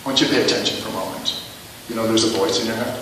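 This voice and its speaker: A man's voice: fairly low pitch, fairly even intonation, racing, background noise. Man preaching in a very echoey hall. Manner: conversational and self-mocking, with rhetorical questions. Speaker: minister. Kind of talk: sermon. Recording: echoey hall, mic at a distance.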